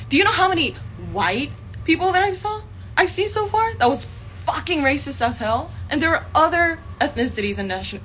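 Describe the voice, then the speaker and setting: A woman's voice: on the high side, fairly bright tone, slight background noise. Young woman ranting angrily on a phone. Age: young adult. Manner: angry, heated, swears often, laughs in frustration. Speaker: actor streaming live. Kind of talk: casual livestream rant.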